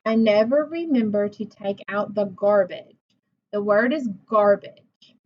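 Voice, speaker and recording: A woman teacher leading a phonics lesson for young children. She talks slowly and patiently, sounding out words and praising each answer. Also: mid-range voice. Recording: dull lo-fi recording.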